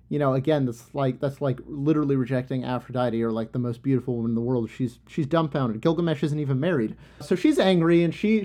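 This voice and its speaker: A man's voice: medium pitch, warm tone. A young man casually retelling an old myth in loose, rambling slang with plenty of fillers. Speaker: storyteller.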